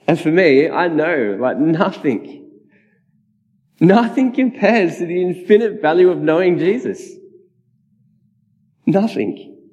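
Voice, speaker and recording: A man's voice: a little high, animated, unhurried, long pauses, a little mellow. A man, giving a personal testimony sermon in a casual, chatty way with frequent laughs. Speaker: preacher. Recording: dull, reverberant hall sound.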